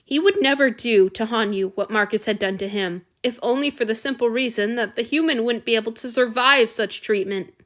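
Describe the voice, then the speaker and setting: A woman narrating a story aloud in a steady, expressive reading style. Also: a little high, a little fast, few pauses. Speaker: reader. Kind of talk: audiobook narration of fan fiction.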